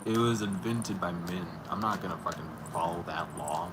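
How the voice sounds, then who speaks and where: At home indoors, a tarot reader streams live, chatting casually and loosely with profanity and frequent laughter. His voice is low and moderately paced. Captured on a computer or camera mic, the livestream audio is noisy.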